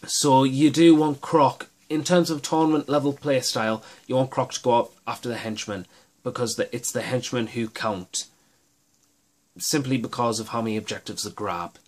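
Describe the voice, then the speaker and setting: A man's voice: medium pitch, steady tone, normal speed, darkish tone. A man hosting his own miniatures gaming channel, talking through tactics in a casual, rambling and enthusiastic way with many restarts.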